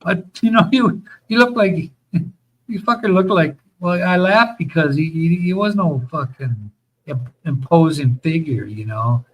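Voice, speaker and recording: A man's voice: on the high side, animated, measured pace, fairly bright tone, poor audio. A man telling rambling, profane stories about his school days in a casual chat, laughing as he goes.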